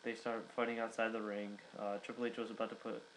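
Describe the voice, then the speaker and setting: A man's voice: fairly low pitch, little pitch movement, fast talker, slight background noise, poor audio. A young man giving a casual recap, rambling with many fillers and restarts. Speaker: wrestling reviewer.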